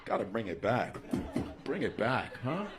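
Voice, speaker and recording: Profane male stand-up comic, lively. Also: fairly low pitch, unhurried, heavy background noise. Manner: profane, mocking, lively delivery. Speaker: stand-up comedian. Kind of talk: stand-up comedy routine. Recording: live comedy clip, loud crowd laughter.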